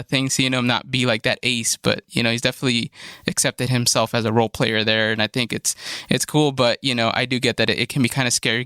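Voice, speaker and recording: A man co-hosting a sports podcast, talking in a relaxed way with many fillers. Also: mid-range voice, vocal fry, smooth, no room sound, studio quality. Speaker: podcast co-host. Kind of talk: casual sports chat.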